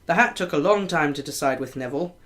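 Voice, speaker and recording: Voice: medium pitch, fast talker, a bit bright. Casual chapter reader who stumbles and self-corrects. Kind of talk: reading a novel chapter aloud.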